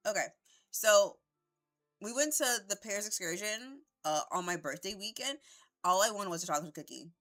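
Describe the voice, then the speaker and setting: A woman's voice: mid-range voice, lively intonation, normal speed, fairly bright tone, faint music behind. A young woman at home giving casual, rambling gameplay commentary on a headset mic, swearing freely. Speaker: streamer.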